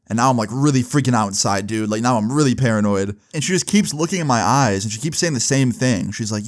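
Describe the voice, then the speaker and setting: A young man telling a personal story in a casual vlog, animated, with lots of fillers. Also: mid-range voice, fast, hardly any pauses. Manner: animated, swearing, fillers like "like" and "right". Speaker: vlogger.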